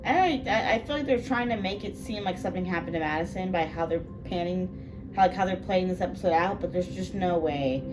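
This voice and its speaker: A woman's voice: fairly low pitch, a little fast. A woman hosting a reaction video, talking casually and emotionally, repeating herself and trailing off mid-sentence. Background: show soundtrack music playing.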